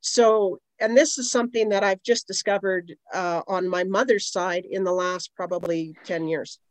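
This Canadian aromatherapist, middle-aged and a podcast interview guest, wanders through lengthy anecdotes, chatting casually and dropping plenty of "you know" asides. She speaks at normal speed in a steady, mid-range voice. It's a rough recording with no room sound.

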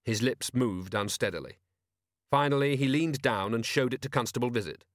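A man narrating an audiobook in a measured, wry way. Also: medium pitch, animated, dry recording, studio quality. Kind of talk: scripted narration.

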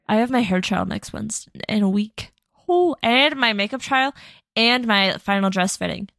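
A woman's voice: medium pitch, creaky, dry recording. A young woman co-hosting a podcast, chatting casually, rambling and laughing often. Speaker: podcast co-host. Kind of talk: casual chat.

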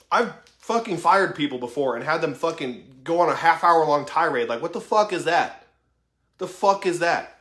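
A man's voice: high voice, a bit bright. A man in his thirties giving a blunt, profane motivational talk, open and emphatic about his own weaknesses. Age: 30s. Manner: blunt, heavy swearing, emphatic, self-revealing. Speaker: motivational vlogger. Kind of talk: profane motivational monologue to camera. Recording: echoey room.

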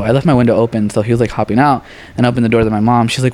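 A man's voice: mid-range voice, very fast. A young man, a podcast guest, telling stories in casual chat and acting out the voices of people in them. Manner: animated, acts out quoted voices, swears casually.

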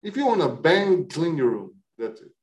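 A man co-hosting a casual podcast chat, laid-back, chiming in with short remarks that trail off quietly. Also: fairly high pitch, very animated, normal speed. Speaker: co-host.

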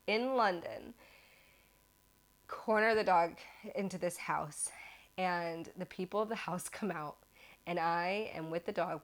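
Animated American woman telling a story. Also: lowish voice. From United States. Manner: animated, self-mocking, exaggerating for comic effect. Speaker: podcast host. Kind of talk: casual storytelling.

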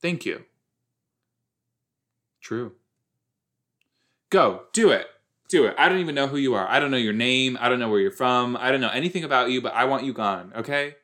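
A man on his podcast watches a TV episode and reacts with plenty of casual exclamations, loose, chatty and animated. He speaks fairly quickly in a mid-range voice.

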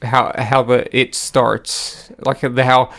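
A man in the middle of his range, co-hosting a relaxed chat podcast. He rambles through his stories, restarting sentences and chuckling at his own asides. Plain, unhurried conversational delivery. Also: medium pitch, creaky. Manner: rambling, restarts often, laughs at own jokes. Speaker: podcast co-host. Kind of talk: casual chat.

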